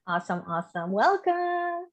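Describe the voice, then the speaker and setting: A woman's voice: sits high, very animated, moderate pace. A woman hosting a casual video call chat, effusive as she welcomes guests. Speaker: host.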